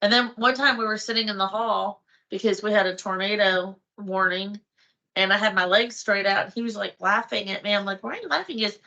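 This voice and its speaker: A middle-aged woman with a bright, clear voice chats casually as a guest. She is a lively storyteller who acts out her own thoughts as she talks. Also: mid-range voice, a little fast, lo-fi sound. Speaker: host's wife, guest. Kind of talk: casual chat.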